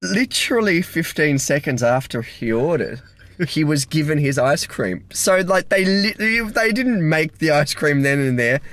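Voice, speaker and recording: A man's voice: on the high side, lively intonation, unhurried, a bit bright. A young man co-hosting a casual comedic chat in a car, telling stories with mock-serious jokes. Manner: joking, storytelling, mock-serious. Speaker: podcast co-host. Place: inside a car.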